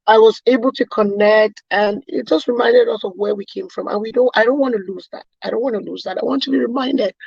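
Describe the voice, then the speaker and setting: A woman's voice: a little high, brisk, gravelly, hardly any pauses, a little mellow, husky, dry recording. A woman from Cameroon, a guest chatting earnestly and laughing easily on a video call. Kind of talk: casual chat on a video call. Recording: dull, lo-fi video call audio.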